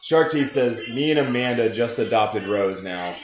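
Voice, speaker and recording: A man's voice: mid-range voice, lively intonation, normal speed. A man co-hosting a casual live stream, chatty and upbeat as he reads out viewer comments. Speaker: co-host reading viewer comments. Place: living room. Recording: echoey room.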